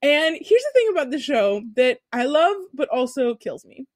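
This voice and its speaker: A woman's voice: high voice, very animated, normal speed, dry recording, clean studio sound. A woman co-hosting a podcast, telling a long story in casual chat with big swings in her voice and some swearing. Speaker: podcast co-host.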